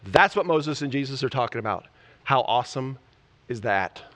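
A pastor preaching a sermon, enthusiastic and conversational, often asking the audience rhetorical questions. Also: male voice, medium pitch, lively intonation, normal speed, a bit bright. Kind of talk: sermon, Bible teaching.

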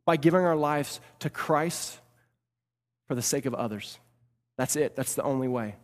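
A man preaching a sermon as pastor, swinging between loud emphatic bursts and hushed delivery, repeating phrases for emphasis. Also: medium pitch, normal speed, long pauses. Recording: long reverb of a large hall.

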